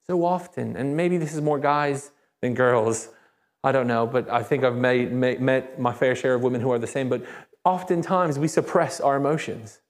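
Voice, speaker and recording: A man's voice: mid-range voice, moderate pace. Emphatic, conversational male pastor preaching. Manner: animated, rises sharply when excited. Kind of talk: sermon. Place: church.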